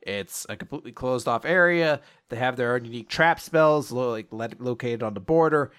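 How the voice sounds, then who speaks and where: A man's voice: medium pitch, fairly quick, a bit bright, clean tone. A man co-hosting a casual recap show, rambling through a story and quoting characters along the way. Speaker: podcast co-host. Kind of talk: casual chapter recap chat.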